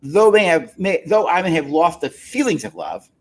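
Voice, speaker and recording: A man's voice: a little high, sing-song, moderate pace, a little hiss or hum. A man, a psychologist and therapist, giving an emphatic teaching talk on love and marriage, repeating key phrases and asking rhetorical questions.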